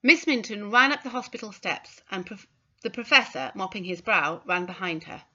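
A woman reads a story aloud with a bright, crisp voice and steady delivery. The audio is a little dull and lo-fi. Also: mid-range voice, normal speed. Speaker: audiobook narrator. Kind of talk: scripted narration.

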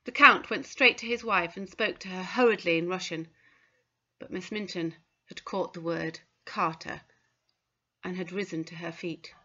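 A woman narrating a children's novel in a steady storytelling manner. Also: on the low side, normal speed, highs cut off. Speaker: audiobook narrator. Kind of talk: scripted narration.

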